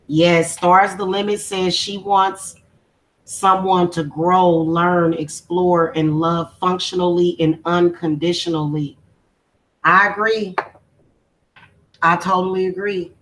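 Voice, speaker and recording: A woman's voice: lowish voice, fairly even intonation, takes it slowly, a bit bright, rough recording. A woman hosting a spiritual channel, talking casually on a livestream in a heartfelt, emotional, informal way.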